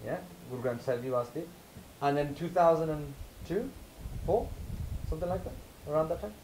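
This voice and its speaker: A man from the UK giving an informal lecture to a camp audience, animated and questioning, mixing Punjabi phrases into English. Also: a little high, a little fast, a little hiss or hum, rough recording. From United Kingdom.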